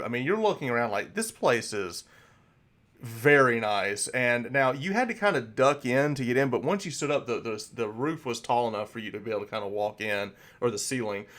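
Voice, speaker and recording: Brief: casual male game master describing scenes, loose and rambling, mid-pitched. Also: animated, moderate pace, a bit bright. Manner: rambling, with many fillers and restarts. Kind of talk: narrating a tabletop game.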